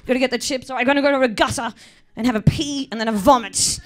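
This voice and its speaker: A woman voicing a drunk, rude male navigation-app voice that talks brashly and loudly. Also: sits high, fast talker, pitched above the performer's own voice, natural voice. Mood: rowdy, rude.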